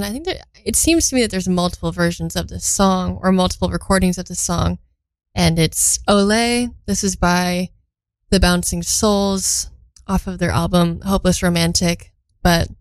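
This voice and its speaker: This is a young Belgian woman hosting a laid-back radio show, chatting between songs and thinking out loud as she reads facts she's seeing for the first time. Her pitch is medium, and the recording is dry with poor audio quality.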